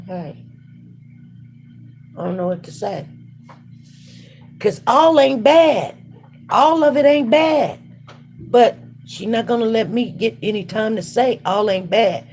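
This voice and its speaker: A woman's voice: on the low side, dark tone, a little hiss or hum. A woman hosting a casual livestream, talking through her thoughts in an emphatic, repetitive way while she works. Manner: repetitive, emphatic, faith-centred musing. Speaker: livestream host. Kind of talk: casual spoken reflection while working.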